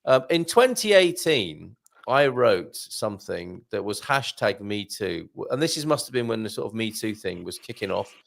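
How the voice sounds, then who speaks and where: A man hosts a casual live chat show, his voice gravelly with a lively, swooping pitch. He keeps things moving with questions and quick laughs. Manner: chatty, prompting guests with questions, quick laughs. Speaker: show host.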